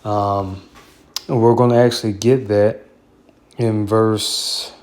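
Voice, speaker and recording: A man's voice: lowish voice, fairly even intonation, takes it slowly, a little mellow. A man giving casual Bible commentary, heated and profane, rambling with many fillers like "you know".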